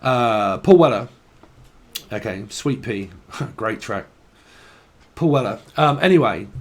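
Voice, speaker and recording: A man gives a casual channelled tarot reading, rambling and free-associating, laughing often and swearing casually. His voice is mid-range and expressive, and he takes his time.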